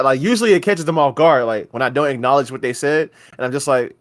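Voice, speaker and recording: A man's voice: mid-range voice, fast talker, no room sound, clean studio sound. A young man co-hosting a casual podcast, laid-back and profane, often acting out what people said to him. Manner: laid-back, profane, acts out customers in quotes. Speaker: podcast co-host. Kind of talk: casual chat.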